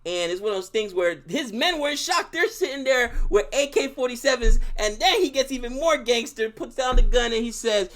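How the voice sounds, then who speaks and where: Excitable high-voiced man reviewing a show. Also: fairly quick, hardly any pauses. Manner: animated, excitable, laughs often. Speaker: co-host reviewing a series. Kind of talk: casual review chat.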